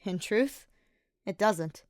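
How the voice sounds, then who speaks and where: A woman's voice: mid-range voice, animated, slow pace, a little mellow, no echo, studio quality. A woman voicing a teasing, confident young knight. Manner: playful, smirking delivery.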